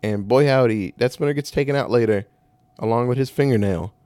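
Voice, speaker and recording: A man's voice: mid-range voice, brisk, mellow, no room sound. A man co-hosting a casual talk show, recapping a movie in a rambling, profane way and correcting himself as he goes. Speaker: podcast co-host recapping a movie. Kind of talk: casual chat.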